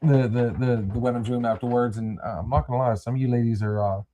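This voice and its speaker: A man's voice: mid-range voice, fairly even intonation, fast, crowd noise. A man hosting a casual podcast chat, rambling and repeating words as he addresses his listeners. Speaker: podcast host.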